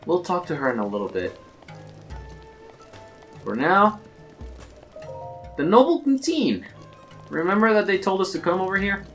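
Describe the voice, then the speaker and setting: A let's play host talking through a game in soft, sheepish replies, the voice moving in a lively way over a middle pitch. Faint music plays underneath. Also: unhurried, pauses often. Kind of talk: playthrough commentary.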